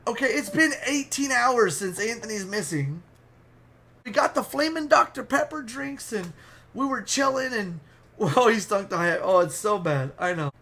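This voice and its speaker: Man, high voice, casual storytelling, animated, swears a lot. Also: unhurried. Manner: animated, profane, vivid. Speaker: storyteller, streamer.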